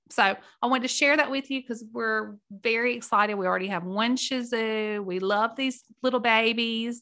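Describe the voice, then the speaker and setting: A woman's voice: mid-range voice, sharp tone. A middle-aged woman hosting a casual chat with her viewers, folksy, openly emotional and easily choked up. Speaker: host.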